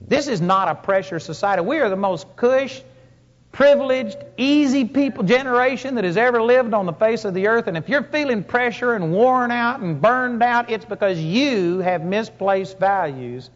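A man's voice: high voice, lively intonation, normal speed. A man preaching a sermon to a congregation, telling stories with emphatic rises and punchy lines. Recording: long hall reverb, dull lo-fi sound.

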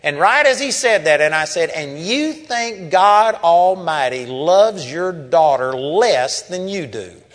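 An older man preaching a sermon, telling a story and building to impassioned outbursts. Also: fairly high pitch. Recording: hall reverb.

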